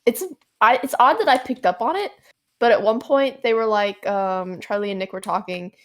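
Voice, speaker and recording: A woman's voice: medium pitch, moderate pace. A woman co-hosting a casual podcast chat while gaming, rambling with frequent laughs. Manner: rambling, many fillers and restarts, laughs often. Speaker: podcast co-host.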